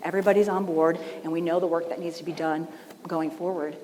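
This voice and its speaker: A woman's voice: fairly low pitch, steady tone, fast, mellow, a little hiss or hum. A woman giving a conversational conference keynote, telling stories and often checking in with "right?". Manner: conversational, storytelling, frequent "right?" asides. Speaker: keynote speaker. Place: large event hall. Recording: long hall reverb, faint ambience.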